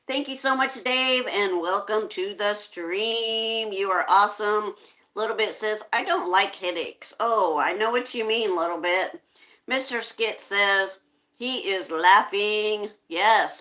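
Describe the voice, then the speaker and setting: A woman's voice: medium pitch, bright, forceful tone. A woman hosting a casual livestream, reading viewer comments aloud and greeting people in a friendly way. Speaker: livestream host reading chat.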